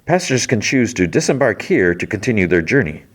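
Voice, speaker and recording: A man's voice: fairly low pitch, very animated, a little fast, pitched above the performer's own voice. A man voicing a concerned female train station worker in a raised voice while retelling a TV episode. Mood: announcing. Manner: announcing over a PA.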